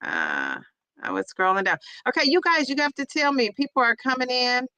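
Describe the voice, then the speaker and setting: Bubbly, bright-voiced middle-aged woman livestreaming. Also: sits high, very animated, moderate pace, smooth, dry recording. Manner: chatty and effusive, greets viewers by name. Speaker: weight-loss vlogger hosting a livestream. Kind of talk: casual livestream chat reading viewer comments.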